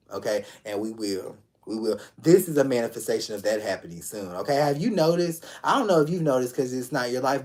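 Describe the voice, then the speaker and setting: A man reading tarot live for an online audience in a loose, conversational way. He speaks with open affection to his viewers, circles back to repeat his phrases and drops casual curse words. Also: medium pitch. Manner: affectionate, talks straight to viewers. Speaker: tarot reader.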